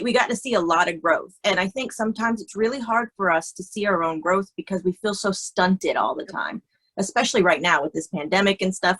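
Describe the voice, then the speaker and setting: A woman's voice: medium pitch, fairly bright tone, slightly rough, rough recording. A woman, a makeup artist, talking in a casual conversation, chatty and laughing, often restarting her sentences. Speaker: guest, cosmetologist and makeup artist.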